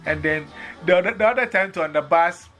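A man's voice: high-pitched, fast talker, soft background music. A man with a Ghanaian accent telling a bus story in casual chat, acting out the voices he quotes. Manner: animated, acts out quoted voices. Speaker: storyteller in conversation.

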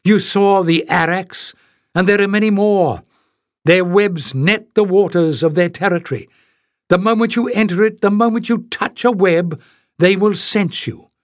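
A man's voice: high voice, unhurried, dry recording, studio quality, voice pushed up. A man voicing a stern, proud male piper elder who talks with scornful force, in an audiobook. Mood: urgent. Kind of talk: audiobook character reading.

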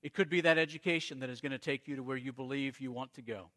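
Bright-voiced preacher man from Arizona. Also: mid-range voice. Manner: storytelling preacher, dramatic pauses and swings in loudness. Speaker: pastor. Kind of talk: sermon.

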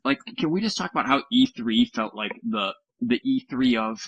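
A man's voice: medium pitch, animated, moderate pace, few pauses, a bit bright, husky, no room sound, dull audio. A man co-hosting a casual gaming podcast, rambling and sarcastic, often correcting himself. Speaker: podcast co-host.

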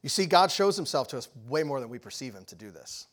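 A man preaching a sermon, telling a story with lively energy and often asking the audience questions. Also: mid-range voice, quick pace.

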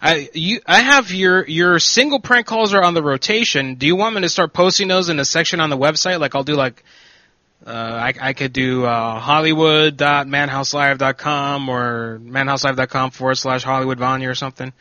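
A man's voice: mid-range voice, moderate pace, sharp tone, no echo, highs cut off. A man hosting a casual call-in prank show, rambling and joking with some profanity. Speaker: radio show host.

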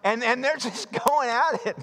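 A man preaches in a lively, animated way, his voice sitting high for a man. He acts out the people in the story and shouts for emphasis, and the sound hangs in the long reverb of a big hall. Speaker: pastor. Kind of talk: expository sermon.

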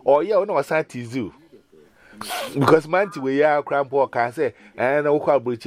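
A man with a Ghanaian accent giving a personal testimony over a video call, telling it with lively storytelling and his pitch leaping up and down. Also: normal speed.

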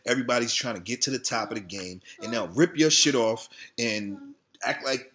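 Profane, heated man venting in a bright voice. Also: medium pitch, lively intonation, fairly quick, slightly rough. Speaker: video creator. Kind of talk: casual ranting vlog.

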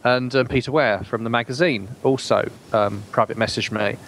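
A man's voice: mid-range voice, normal speed, fairly bright tone, slight background noise. A man, a guest on a casual podcast, telling a story in a rambling, hesitant way. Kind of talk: casual chat.

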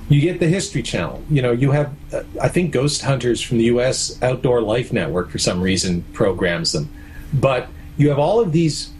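A man's voice: medium pitch, darkish tone. A middle-aged man from Canada, a documentary producer and director speaking candidly in an interview, explaining his points with everyday comparisons and stories. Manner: candid, anecdotal, explains with analogies. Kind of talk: casual interview talk.

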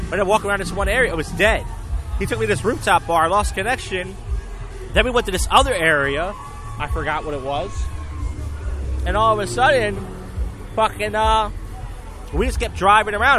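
A man from Philadelphia rambling profanely through a casual vlog recap outside a bar, breaking into bursts of shouting. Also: sits high. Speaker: vlogger. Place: outdoors outside a bar at night. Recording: loud background music outdoors. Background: loud music and traffic.

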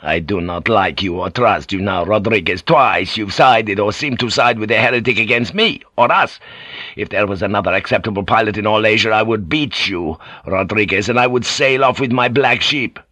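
A man's voice: fairly low pitch, moderate pace, sharp tone, no room sound. Guy doing a bossy hotheaded captain, old-fashioned thee-and-thou talk, dry audio. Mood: hostile. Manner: commanding, hostile, archaic speech. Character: hot-blooded proud male captain-general.

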